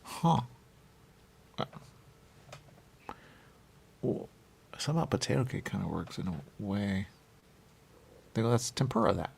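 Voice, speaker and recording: A man's voice: on the low side, sing-song, unhurried, vocal fry, pauses often, darkish tone, a little hiss or hum. A man hosting a talk show, rambling playfully with sing-song repetitions and riffs. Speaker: radio show host.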